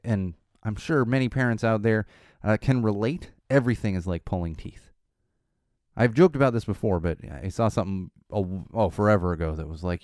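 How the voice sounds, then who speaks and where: A man in his thirties talking casually about parenting, exasperated, with sudden high-pitched quotes of his young kid. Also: a little mellow, clear, resonant tone, dry recording, studio quality. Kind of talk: casual monologue.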